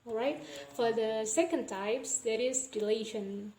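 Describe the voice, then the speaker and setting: A woman's voice: a little high, measured pace, mellow. A young woman student explaining a linguistics lesson in a hesitant, self-correcting way. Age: young adult. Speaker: student presenter. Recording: echoey room with faint noise.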